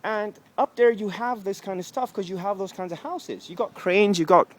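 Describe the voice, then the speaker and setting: A man's voice: sits high, moderate pace. A man vlogging outdoors on a residential street, ranting angrily with heavy swearing and sarcasm into a handheld camera. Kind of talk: profane ranting street vlog.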